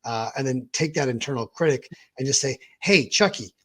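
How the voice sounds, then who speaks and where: A man's voice: medium pitch, brisk, breathy edge. A man hosting a podcast, talking candidly and animatedly about his own mental health and acting out his inner dialogue. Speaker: podcast host.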